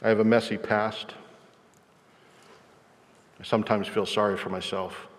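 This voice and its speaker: A man preaching a sermon, reflective and measured, as a pastor. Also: fairly low pitch, little pitch movement. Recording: long hall reverb.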